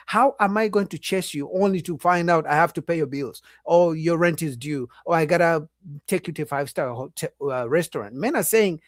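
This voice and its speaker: A man's voice: a little high, no echo, studio quality. A man giving opinionated reaction commentary, lecturing his viewers.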